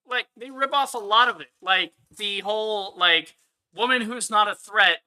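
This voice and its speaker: A man's voice: fairly high pitch, bright, forceful tone, smooth. A man ranting angrily on a live stream as he reviews a film, swearing often and repeating his points for emphasis. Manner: angry, profane ranting.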